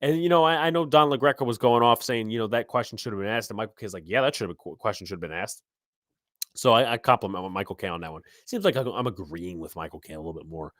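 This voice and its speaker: A man hosting a live sports podcast, ranting heatedly and profanely about his team, his voice swelling loud when angry. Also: mid-range voice, fast talker, hardly any pauses, dry recording, clean studio sound. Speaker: podcast host.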